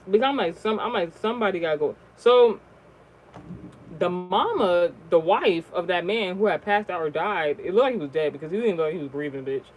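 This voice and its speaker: A vlogger telling a personal story in a casual, rambling way, swearing often and restarting sentences, with the voice jumping high and loud at the shocking moments. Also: moderate pace, muffled recording. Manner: rambling, profane, many fillers and restarts.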